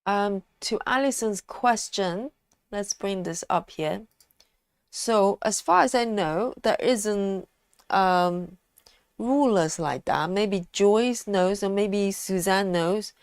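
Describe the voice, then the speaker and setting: A woman hosting a casual live stream, chatting in a relaxed way and reading out viewer comments with frequent ums. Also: mid-range voice, takes it slowly, clean tone, no room sound, studio quality.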